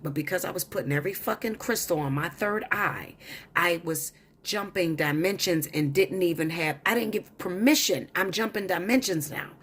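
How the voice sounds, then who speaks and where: A woman's voice: fairly low pitch, moderate pace, fairly bright tone, slight background noise. A woman tarot reader telling a long story in a blunt, profane, insistent way. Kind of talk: storytelling monologue.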